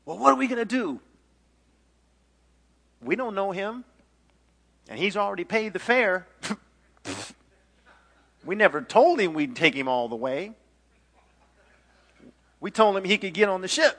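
A man's voice: mid-range voice, big pitch swings, normal speed, pushed and bright, breathy edge, heavily acted. Frantic scared sailors, slangy and exasperated, as a man puts them on, plain everyday voice. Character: frightened desperate male sailors, casual-talking.

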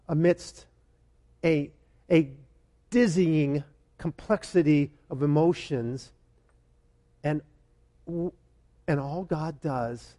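A high-voiced male pastor preaching with animated, conversational energy. He drives home his points through emphatic repetition and questions to the congregation. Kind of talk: sermon.

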